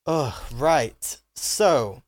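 Laid-back young Manchester radio host. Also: male voice, medium pitch, animated, drawn-out words. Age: young adult. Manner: laid-back, chatty, reads out stats. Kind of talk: casual radio chat. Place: radio studio.

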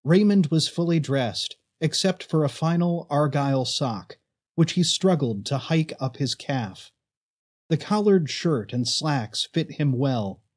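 A man reads a story aloud at a slow, deliberate pace. His pitch moves widely and expressively, sitting a little high for a man. The voice has a husky edge. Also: lively intonation, darkish tone. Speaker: narrator. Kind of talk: audiobook narration.

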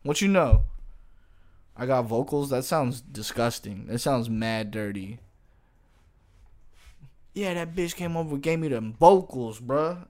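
A man's voice: mid-range voice, expressive, slow pace, pauses often, a little mellow. A man and streamer ranting jokingly to camera in a casual, profane, slang-heavy way. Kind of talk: casual comedic rant to camera.

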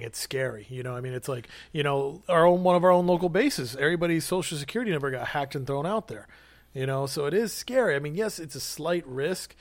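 A man in casual podcast chat about comics, rambling with many fillers and growing animated when he teases. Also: mid-range voice, no echo. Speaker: podcast co-host.

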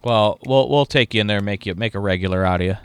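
A man's voice: on the low side, fast, clear, resonant tone. A man co-hosting a podcast in casual chat, swearing freely and telling self-mocking stories. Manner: profane, self-mocking, animated storytelling. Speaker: podcast co-host.

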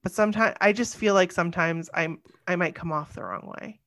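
A woman's voice: lowish voice, fairly quick, fairly bright tone, no echo. A woman co-hosting a podcast in casual chat, tired and rambling, correcting herself as she goes. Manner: chatty, rambling, self-correcting. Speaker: podcast co-host.

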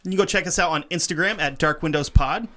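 A man's voice: on the high side, fast, pushed and bright. A man co-hosting a podcast, reading out plugs and links in casual chat. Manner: promotional, upbeat plugs. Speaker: podcast co-host.

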